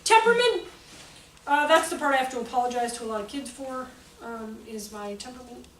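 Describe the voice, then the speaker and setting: A woman's voice: a little high, a little fast. A woman giving an informal teaching talk to teachers, chatty and self-mocking, telling funny stories from her classroom. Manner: chatty, joking, self-mocking, lively storytelling. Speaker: workshop presenter for teachers. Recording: echoey room from far off, faint background noise.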